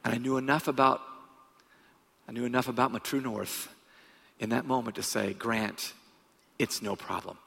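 Husky preacher in a reverberant hall. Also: male voice, mid-range voice, brisk, long pauses. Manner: animated storyteller, swings from hushed to loud. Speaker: guest preacher. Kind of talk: sermon storytelling. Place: large church hall.

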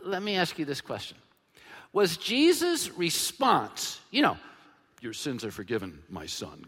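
Lively high-voiced preacher man in his fifties. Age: 50s. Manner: animated, emphatic preaching with sudden drops to quiet and loud bursts. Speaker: pastor. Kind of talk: sermon. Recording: long hall reverb.

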